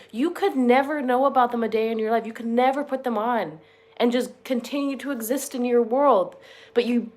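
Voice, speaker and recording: A young woman with a slightly higher voice delivers casual reaction commentary. She is blunt, profane and openly sarcastic, firing off dry jabs as she talks. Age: young adult. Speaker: reaction channel host.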